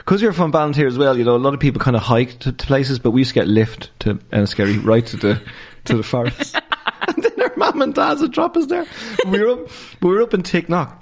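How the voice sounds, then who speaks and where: A man's voice: mid-range voice, quick pace, hardly any pauses. Dublin man telling stories, laughing. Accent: Dublin Irish. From Dublin, Ireland. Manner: animated, laughing through his stories. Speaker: guest, stand-up comedian. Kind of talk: casual storytelling in a podcast interview.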